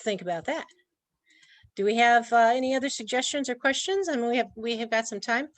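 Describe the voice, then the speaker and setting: A woman's voice: on the high side, brisk, dry recording. A woman presenting an online training talk in a chatty way, laughing often. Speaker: workshop presenter.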